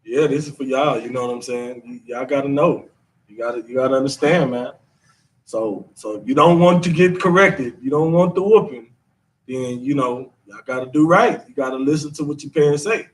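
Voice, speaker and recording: A man's voice: mid-range voice, normal speed, distant mic. A man, teaching a scripture class in a casual, repetitive, slangy way. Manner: conversational, repeats himself, drawling slang.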